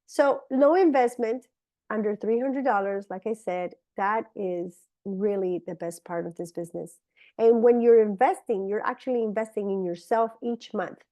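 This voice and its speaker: Eager woman pitching a business. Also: moderate pace, warm tone. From Colombia. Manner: enthusiastic, persuasive, conversational. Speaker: network marketing presenter. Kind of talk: business opportunity presentation.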